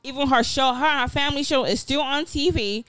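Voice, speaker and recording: A young adult woman co-hosting a casual pop-culture podcast, blunt and animated in her talk. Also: high voice, brisk, no room sound. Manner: blunt, animated, laughs along. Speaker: podcast co-host.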